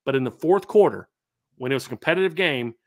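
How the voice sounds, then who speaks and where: A middle-aged sports podcast host rattles off statistics quickly and with animation, restarting frequently. His voice is medium in pitch, and the talk is sports analysis chat.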